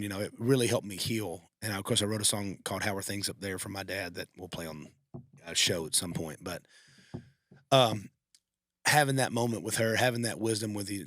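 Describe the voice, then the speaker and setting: A man with a somewhat low voice talks quickly through an emotional personal story, stumbling and restarting as he goes. The sound is dry and close, with no room echo. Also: fairly bright tone. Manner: emotional, heartfelt, rambling with restarts. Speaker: podcast co-host. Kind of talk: casual storytelling.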